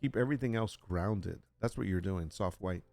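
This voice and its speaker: A man's voice: sits low, normal speed, vocal fry, darkish tone, no echo, faint music behind. A man chatting casually on a live stream, talking through his work and reading text aloud with joking asides. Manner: chatty, reads aloud, jokes with chat.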